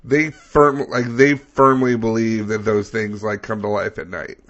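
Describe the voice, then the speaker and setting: A man co-hosting a comedy podcast who rambles and throws in quick quips. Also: on the low side, fairly even intonation, fairly bright tone, muffled recording. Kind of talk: casual comedic chat.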